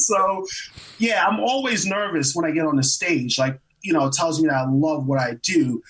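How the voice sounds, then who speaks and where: A man in his twenties, an actor guest, telling stories in a casual interview, animated, laughing often and acting out quotes. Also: fairly high pitch, normal speed, distant mic, rough recording. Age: 20s.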